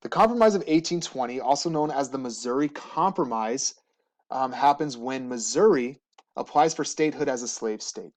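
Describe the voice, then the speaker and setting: A man teaching history, giving a relaxed, joking slideshow lecture to students. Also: mid-range voice, normal speed. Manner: casual, jokey, asks students questions. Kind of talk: recorded classroom lecture over slides.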